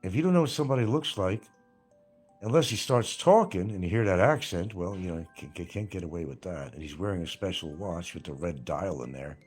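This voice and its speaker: A man rambles through a livestream, reading viewer comments and answering them with crude, mocking jabs. His pitch swings widely as he talks, and his voice has a slightly husky edge. Faint music plays underneath. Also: expressive, fairly quick, a little mellow. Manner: crude, mocking, laughs at his own jokes. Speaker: livestream host reading chat. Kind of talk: rambling casual livestream chat.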